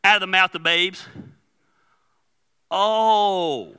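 Man, pastor, high voice, very bright, chatty storytelling sermon. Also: expressive, moderate pace. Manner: conversational storytelling with laughs and quoted dialogue.

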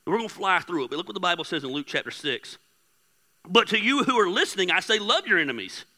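A man preaching a sermon, candid and joking with his congregation, swinging between soft asides and loud emphatic bursts. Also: high-pitched, very animated, fast talker. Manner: candid, joking, talks straight to the crowd. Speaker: pastor. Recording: hall reverb.

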